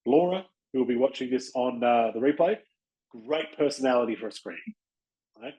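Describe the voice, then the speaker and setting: A man's voice: medium pitch, normal speed, mellow, poor audio. A man with an Australian accent talks in a casual coaching style. He is blunt and chatty, and he keeps breaking into short acted-out exchanges to make his point. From Western Australia. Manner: blunt, chatty, acts out little dialogues with people. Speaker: podcast host and chiropractic practice coach.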